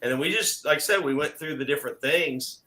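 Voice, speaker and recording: A man's voice: a little high, fast, rough recording. A middle-aged man, a guest on a casual chat show, telling a long story and acting out what people said. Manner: animated, acts out quoted exchanges.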